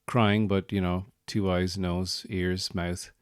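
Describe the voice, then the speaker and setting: Deep-voiced Irish man telling a comic story. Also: flat delivery, slow pace, clear, resonant tone, no echo, clean studio sound. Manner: rambling, digressive, wry. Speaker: podcast host.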